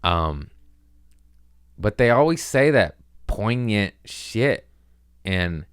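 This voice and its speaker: Homem de voz grave e limpa, americano, papo solto. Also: male voice, lowish voice, very animated, extremely slow, clear, resonant tone, no echo. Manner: rambling, profane, self-mocking. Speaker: podcast host. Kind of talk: casual comedic monologue.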